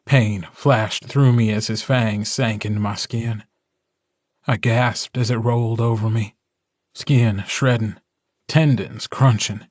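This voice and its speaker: Slow, deliberate male audiobook narrator. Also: fairly low pitch, fairly even intonation, no room sound, clean studio sound. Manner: slow, deliberate reading with emotional swells. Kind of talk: scripted first-person narration.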